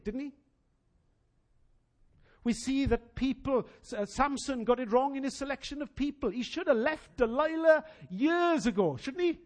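A pastor preaching from the pulpit, his voice pitched high for a man. He swings widely up and down as he drives points home. He mixes personal stories into his preaching. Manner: animated, preacherly emphasis with anecdotes. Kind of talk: sermon.

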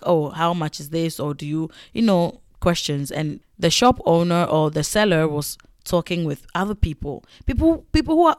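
Woman, casual storytelling vlog, chatty, animated, smooth voice, dry sound. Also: fairly low pitch, no echo. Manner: animated, chatty, many fillers.

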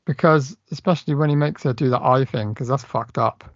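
A man's voice: mid-range voice, fairly quick, dry recording. A man co-hosting a podcast, chatting casually about films and acting out lines in bursts. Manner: chatty, acts out lines from films in raised voices. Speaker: podcast co-host. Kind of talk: casual film chat. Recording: dull, slightly muffled podcast audio.

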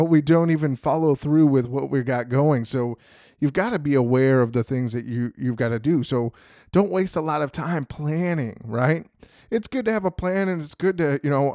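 A man's voice: on the high side, a little mellow, no echo. Casual motivational man, dry sound. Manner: casual, repeats "you know" and "right?" often. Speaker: podcast host. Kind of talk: motivational talk.

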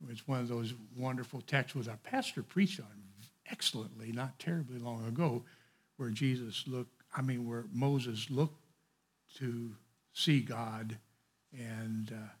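A man's voice: medium pitch, slightly rough. A man leading an informal Bible study, reading passages aloud and adding digressive, conversational commentary.

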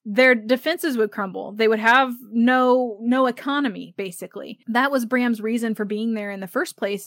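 A woman's voice: fairly high pitch, fairly bright tone, dry recording, clean studio sound. A woman hosting a livestreamed book club, talking casually and chattily with many "like" fillers.

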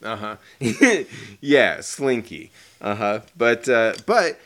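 A man co-hosting a casual movie review chat, excitable and swearing freely as he acts out favorite lines. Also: mid-range voice, slow pace. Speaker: podcast co-host.

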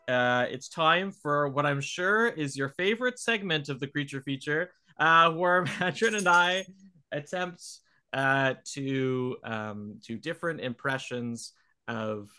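A man's voice: a little high, sharp tone, clear, resonant tone. A man co-hosting a podcast in casual chat, hesitant with many fillers and frequent laughs. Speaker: podcast co-host.

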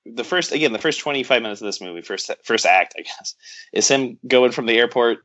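A man's voice: mid-range voice, animated, brisk, fairly bright tone, dry recording, lo-fi sound. A man co-hosting a podcast, chatting casually about a film in a rambling, self-mocking way with many stops. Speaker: podcast co-host.

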